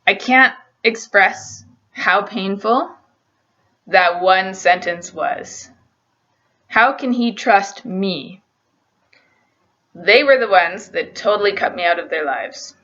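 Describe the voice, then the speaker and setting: A woman's voice: mid-range voice, takes it slowly, long pauses, pushed and bright, highs cut off. Earnest woman, emotional confessional vlog. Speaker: vlogger.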